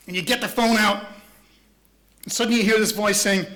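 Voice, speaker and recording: A man's voice: sits high, brisk, a bit bright. A man giving a playful, chatty motivational talk on stage to a large audience. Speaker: motivational speaker.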